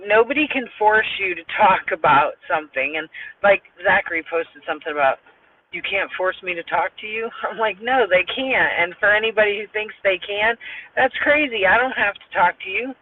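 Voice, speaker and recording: Man, Southern accent, high voice, emphatic, repeats himself, support group host, phone-quality sound. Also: slight background noise. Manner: animated, advice-giving, repeats key points. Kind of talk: casual livestream chat. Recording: tinny phone-like audio.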